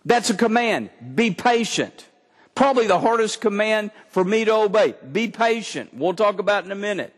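A man's voice: sits high, lively intonation, moderate pace, in a large hall. A man from Texas, preaching a sermon, reading scripture and explaining it with humor. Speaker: pastor.

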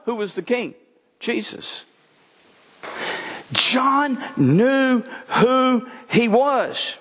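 An older pastor preaches slowly and deliberately, in a voice that climbs high and swoops widely as he drives his points home. He leans into folksy stories. His words ring out with a long reverb, as in a large hall. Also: lively intonation, a bit bright. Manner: folksy storytelling preacher, voice rising and dropping for emphasis. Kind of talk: sermon.

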